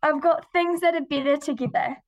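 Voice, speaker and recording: A woman's voice: sits high, fairly even intonation, fairly quick, slight background noise. A teenage girl, a guest on a podcast, who answers politely and earnestly and giggles between points. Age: teens. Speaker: guest, young poet. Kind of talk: casual interview chat.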